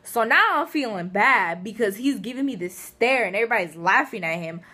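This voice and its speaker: A woman's voice: fairly high pitch, brisk. A woman casually telling funny personal stories to camera, chatty and giggly. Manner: chatty, giggly, animated storyteller. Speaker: vlogger. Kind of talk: casual storytelling.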